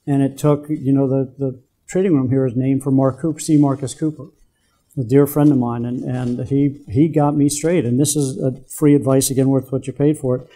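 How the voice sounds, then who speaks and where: An older man lectures in a very dark, mellow voice. He tells stories from his career in an easy way and stops to put questions to the room. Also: medium pitch, level tone, moderate pace. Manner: anecdotal, quizzes the audience. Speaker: guest speaker, business executive. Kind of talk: storytelling lecture to students.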